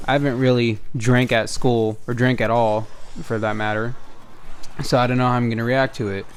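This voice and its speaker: A man's voice: mid-range voice, brisk, a little hiss or hum. Young man, storytime host, casual, acts out dialogue, swears a lot, mid-range voice. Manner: animated retelling, acts out dialogue, frequent swearing. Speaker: storytime gaming channel host. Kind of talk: casual storytelling over gameplay.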